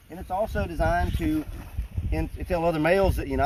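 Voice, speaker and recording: A man keeping alligators, explaining them in a relaxed, joking way during an outdoor feeding demonstration. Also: a little high, brisk. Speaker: alligator park keeper. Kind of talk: casual live animal feeding demonstration. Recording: noisy outdoor recording.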